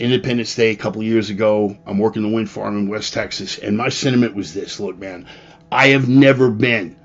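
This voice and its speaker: A man's voice: mid-range voice, husky, lo-fi sound. A man hosting a podcast, delivering an opinionated monologue with profane, emphatic ranting and mocking asides. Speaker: podcast host.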